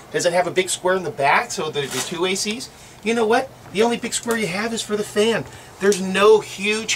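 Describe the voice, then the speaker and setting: A man's voice: high voice, background noise. A man giving an upbeat, folksy sales walkaround of a motorhome on a sales lot.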